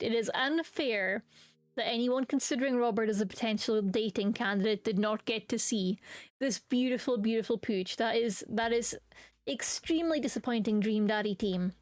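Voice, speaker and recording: A woman's voice: fairly high pitch, moderate pace, no echo. A woman streaming a dating game, reading its lines aloud with playful comments and silly voices.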